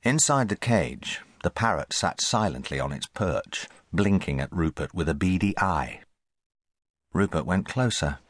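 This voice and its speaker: A man reading a children's audiobook in scripted, expressive narration on a close studio mic. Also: low-pitched, a little slow, slightly rough, dry recording. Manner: expressive storytelling.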